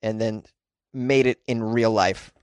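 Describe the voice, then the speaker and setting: A man giving comedic news commentary in a sarcastic, animated way, laughing at the stories he reads. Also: on the low side, slow, clear, resonant tone, no room sound, studio quality. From United States.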